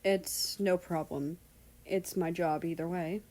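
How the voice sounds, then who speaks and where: A woman's voice: lowish voice, steady tone, slow, mellow. A woman voicing a cold, terse young male royal guard in a storybook reading. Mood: stern.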